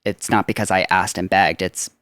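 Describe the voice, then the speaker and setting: Young male podcast guest, low and resonant, casual and rambling, dry close mic. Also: level tone, moderate pace, a bit bright, no echo. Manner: chatty, lots of filler "like". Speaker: guest, Disney character performer.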